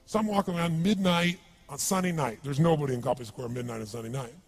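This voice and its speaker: A man's voice: a little high, fast. A man giving a motivational seminar talk, telling a story with energy and asking the crowd questions. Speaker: motivational speaker.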